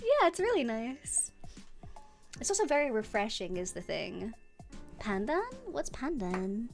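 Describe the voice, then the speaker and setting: A woman's voice: a little high, very animated, slow pace, gravelly, pauses often, soft background music. A young British woman streaming and chatting casually with viewers, bubbly and giggly as she reads chat aloud. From Britain.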